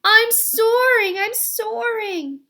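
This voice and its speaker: Woman reading a young boy gosling, squeaky, high-pitched, eager, storybook voice. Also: moderate pace, heavily acted. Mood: thrilled. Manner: squeaky, bursting with excitement.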